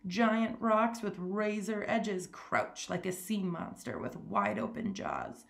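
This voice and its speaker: A woman reading a story aloud, voicing a suave, cruel older male aristocrat with a smooth, amused, condescending manner. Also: medium pitch, big pitch swings, slow, a bit bright, roomy sound, heavily acted.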